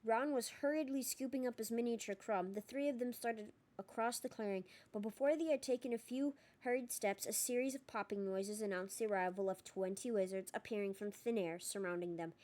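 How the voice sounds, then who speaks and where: A woman reading a novel aloud as narrator, steady and expressive with small slips. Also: fairly high pitch, a little fast, few pauses. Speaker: audiobook reader.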